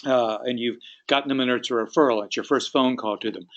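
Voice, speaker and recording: A man's voice: medium pitch, steady tone, fast talker, muffled recording. A man who leads a sales training session. He explains his points in an instructive way and acts out sample phone calls. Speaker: real estate sales trainer. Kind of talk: training talk.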